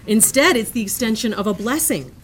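A woman reading a prepared lecture aloud in a measured, earnest manner, sometimes breaking off into self-amused asides. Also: on the high side, animated, a little hiss or hum.

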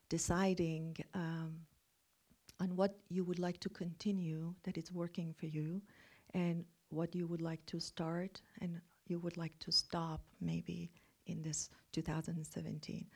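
Soft-spoken woman guiding a meditation. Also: fairly low pitch. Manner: gentle, soft-spoken, drifting into breathy half-whispers. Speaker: meditation teacher. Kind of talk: guided meditation talk.

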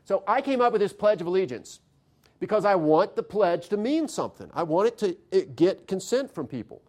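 Speaking briskly in a high voice, a man lectures on constitutional theory with lively, conversational energy, regularly turning questions over to the listeners.

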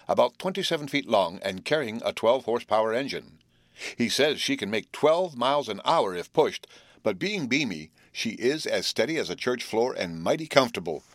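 A man's voice: mid-range voice, fairly bright tone, no room sound, voice pushed up. A man voicing a cheerful teenage boy who teases his friends while telling news. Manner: teasing, drawn-out storytelling.

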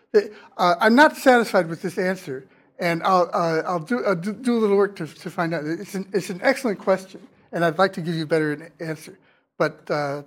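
A man giving a university lecture in class, talking in a halting way with many restarts and fillers. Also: on the high side. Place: lecture hall.

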